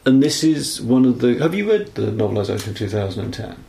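A man's voice: mid-range voice, very animated, brisk, vocal fry, dark tone, echoey room. A man co-hosting a casual film podcast, rambling and correcting himself as he talks. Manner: rambling, self-correcting, apologetic about being nerdy. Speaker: podcast co-host.

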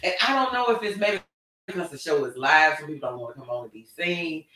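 Animated woman co-hosting a live talk show. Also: low voice, quick pace. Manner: frank, animated and talkative. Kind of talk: casual chat about relationships. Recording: roomy sound, mic at a distance.

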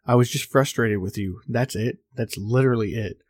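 A man reading the lines of a weary, guilt-ridden older brother of about thirty, who speaks quietly and apologetically and swears now and then. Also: mid-range voice, moderate pace, dry recording, natural voice. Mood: regretful.

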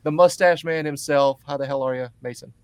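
A chatty, enthusiastic man hosts a relaxed podcast interview. His voice sits a touch higher than most men's, and the recording is dry and close, with no room sound. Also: a little fast, clear, resonant tone, dry recording. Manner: enthusiastic, chatty, loud greetings. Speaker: podcast host. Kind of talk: casual interview chat.

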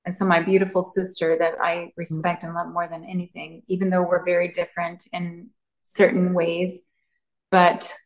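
A woman's voice: lowish voice, roomy sound, poor audio. A woman relationship coach, a podcast guest, telling personal stories in an open, heartfelt way. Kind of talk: candid interview talk.

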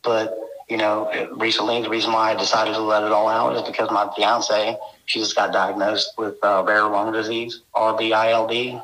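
A man's voice: on the low side, level tone, normal speed, fairly bright tone, roomy sound, low-quality recording. A man telling of his frightening encounters as a guest, rambling and intense, packing his story with filler phrases. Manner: rambling, intense, full of "you know". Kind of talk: emotional first-person storytelling.

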